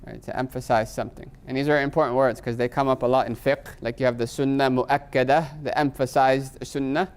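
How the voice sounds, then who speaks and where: A man's voice: mid-range voice, steady tone, clean tone. Man teaching grammar to a class. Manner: quizzes students with frequent rhetorical "right?"; slows to spell out Arabic terms. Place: classroom with students.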